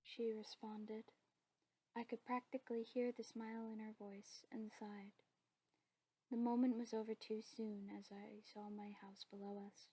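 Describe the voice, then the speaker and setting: A woman narrating her own story in a soft, steady whispered role-play. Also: a little high, a little slow, breathy edge, dry recording, rough recording.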